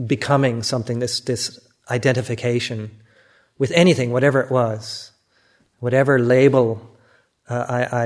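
An older man with an American accent, a Buddhist monk giving a reflective, gently self-mocking dharma talk. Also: mid-range voice. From United States.

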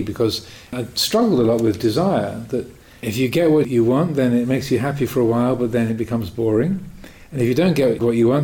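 A man who teaches Buddhist meditation, answering a question in a Dhamma talk with calm, reflective storytelling and light self-mocking humor. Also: medium pitch, rough recording.

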